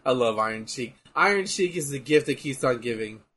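A man in casual chat, jokey and animated, laughing often between lines. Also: medium pitch, fairly quick, breathy edge.

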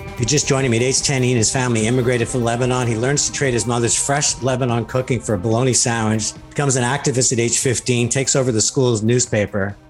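A man hosting a radio interview, asking conversational, admiring questions. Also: mid-range voice. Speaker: radio show host.

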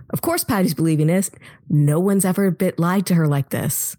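Brief: deep, mellow-voiced woman, wry podcast co-host, dry sound. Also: normal speed, no room sound. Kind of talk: casual film-review chat.

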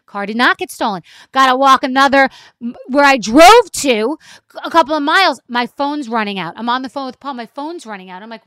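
A woman's voice: a little high, fairly quick, a bit bright, no echo, clean studio sound. A middle-aged woman host telling a rambling, self-deprecating story with swearing, in casual rant style. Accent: New York. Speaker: podcast host.

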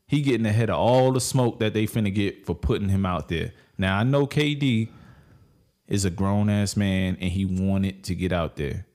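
A man with a fairly low voice gives blunt sports opinions in casual slang. He talks loosely, in an easy conversational flow. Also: normal speed, darkish tone. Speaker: sports talk co-host.

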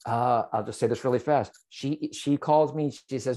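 A man's voice: mid-range voice, moderate pace. A man, a psychic medium, telling his story to an interviewer and often checking in with "right?" and "okay?". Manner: animated, speaks straight to the host, frequent "right?" and "okay?".

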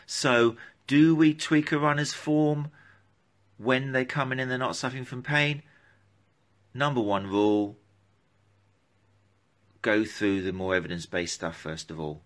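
A man's voice: mid-range voice, measured pace, long pauses, fairly bright tone. A man who runs gait analysis for runners, talking casually on a live stream and answering viewer questions in a rambling, self-interrupting way. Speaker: running gait analysis clinician.

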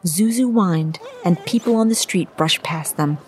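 A woman reading her own story aloud in an expressive storybook narration. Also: on the low side, a little slow, a little hiss or hum. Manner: expressive, varies voices for characters.

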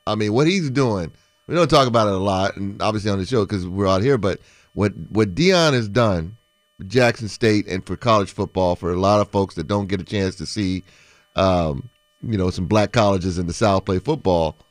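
Low-voiced former player talking sports. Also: male voice, normal speed, no room sound. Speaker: former NFL player, show co-host. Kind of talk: casual sports talk.

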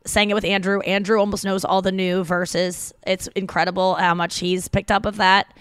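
A woman's voice: medium pitch, level tone, moderate pace, clear, resonant tone, dry recording, studio quality. A woman co-hosting a podcast in casual chat, talking in a chatty, rambling, gushing way. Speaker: podcast co-host.

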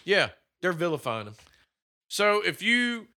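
A young man co-hosting a casual, profane movie-review chat, animated and swearing freely. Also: sits high, a little slow. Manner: animated, swearing, mimics characters in quotes. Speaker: podcast co-host.

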